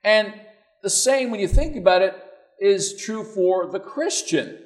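A man's voice: high-pitched, animated, a little slow. A man giving a sermon, telling a story with folksy asides before drawing the lesson. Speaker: preacher.

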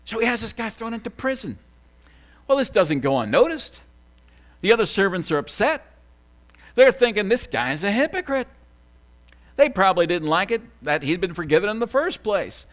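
A man preaching a sermon as a pastor, animated, swinging from loud excited bursts to quiet asides. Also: high voice, normal speed.

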